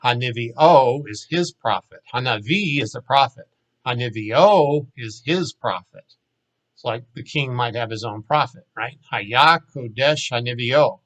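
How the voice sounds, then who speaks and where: A man teaching a recorded language lesson, explaining plainly and saying each example word slowly twice. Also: mid-range voice, fairly bright tone, poor audio. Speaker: Hebrew teacher.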